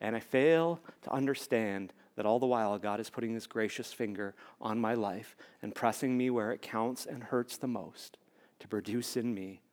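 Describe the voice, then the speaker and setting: A man preaching a sermon as a pastor, talking conversationally, building to emphatic repeated lines and dropping to hushed near-whispers. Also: lowish voice, moderate pace.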